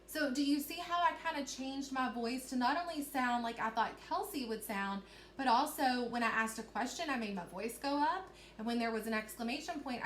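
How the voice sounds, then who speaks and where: A woman teacher with a slightly high voice talks children through a reading lesson. She explains each step patiently and keeps checking that they follow along. Her voice carries a roomy echo over a faint hiss. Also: a bit bright.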